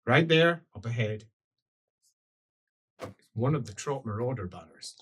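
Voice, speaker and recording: A man narrating as game master of a tabletop game, lively at first and slowing down for dramatic scenes. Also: medium pitch, a little hiss or hum, poor audio.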